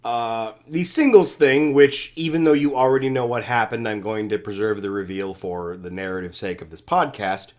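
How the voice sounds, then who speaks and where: A man's voice: lowish voice, normal speed, few pauses. A man co-hosting a wrestling podcast, recapping events in casual chat with lots of fillers and some swearing. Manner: animated storyteller, trailing fillers, casual swearing. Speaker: podcast co-host.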